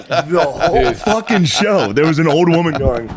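A man in casual chat, telling crude stories and laughing through them as a podcast co-host. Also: on the high side.

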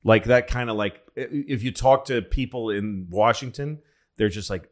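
A man's voice: mid-range voice, normal speed. A man telling history stories in a rambling, profane, casual way as a podcast co-host. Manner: rambling, profane, acts out quotes.

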